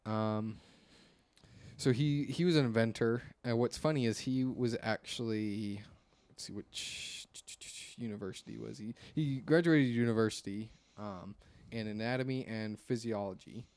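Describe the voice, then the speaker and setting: Rambling young man, slightly low voice. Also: measured pace, a little mellow, dry recording. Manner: rambling, hesitant, lots of fillers. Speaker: podcast host. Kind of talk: casual chat.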